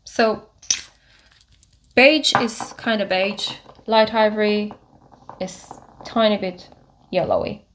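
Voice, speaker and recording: A woman giving a casual makeup tutorial to camera, talking through each step with frequent pauses, fillers and restarts. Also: medium pitch, slight background noise. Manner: unhurried, many fillers and restarts while demonstrating. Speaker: beauty vlogger.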